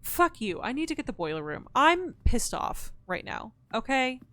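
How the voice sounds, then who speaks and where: A woman's voice: high voice, big pitch swings, moderate pace, a bit bright, no echo. Exasperated woman streamer swearing at a game. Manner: frustrated, swears a lot, thinks aloud; talks to chat and game characters directly. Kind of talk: live-streamed gameplay chat.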